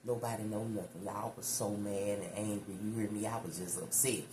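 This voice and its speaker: A woman tarot reader telling a story to her viewers in a chatty, animated, profane way, calling them y'all. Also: rumbling low, a little fast. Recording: echoey room with background noise.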